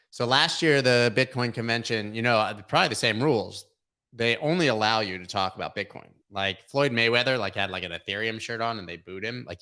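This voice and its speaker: A man's voice: on the low side, pushed and bright. A man hosting a casual livestream chat, rambling and joking with lots of filler words. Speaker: host.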